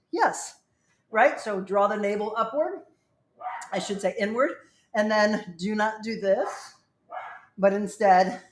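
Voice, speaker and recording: A woman's voice: mid-range voice, a bit bright. A woman hosting a fitness show, coaching viewers in an upbeat way while she demonstrates exercises live. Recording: roomy echo.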